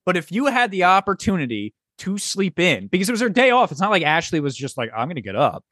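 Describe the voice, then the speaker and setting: A young man tells a story on a casual podcast, swearing freely and acting out both sides of the conversation. His voice sits a little high and swings widely as he gets worked up. The sound is dry and close. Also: quick pace, dry recording. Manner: animated, profane, exasperated storytelling with acted-out dialogue. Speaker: podcast co-host.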